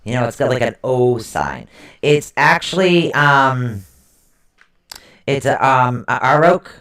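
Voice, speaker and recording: A man's voice: mid-range voice, expressive, slow pace, a bit bright. A man co-hosting a casual live stream, patiently explaining runes and checking that listeners follow. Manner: explanatory, repeats and checks understanding. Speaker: co-host teaching runes. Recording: roomy echo.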